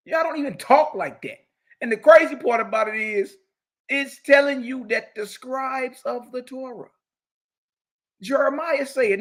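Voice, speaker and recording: A man's voice: high voice, a bit bright. A middle-aged man giving a fiery scripture lesson as a religious teacher, preachy and mocking, confrontational toward his critics.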